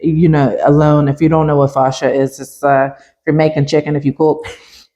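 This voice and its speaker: Low, mellow-voiced woman massage therapist. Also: brisk. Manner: animated, laughs often, acts out clients' reactions. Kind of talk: casual podcast conversation.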